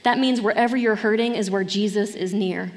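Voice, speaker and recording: A woman's voice: mid-range voice, fairly even intonation, brisk, long reverb tail. A middle-aged woman pastor preaching a sermon in an earnest, conversational way, with light laughs between points.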